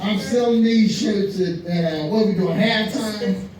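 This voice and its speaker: An older man telling a stand-up comedy story, animated and laughing at his own punchlines. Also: high-pitched, a little slow, a crowd in the background. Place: American Legion hall, live show. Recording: echoey hall, mic heard from far.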